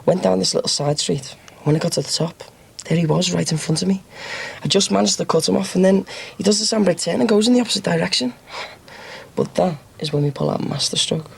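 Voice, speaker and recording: In a TV soap, an actor plays a cocky young ex-con, a brash, boastful small-time criminal telling his story. He uses a full character voice that sits high, moves quickly, and sounds gravelly and husky.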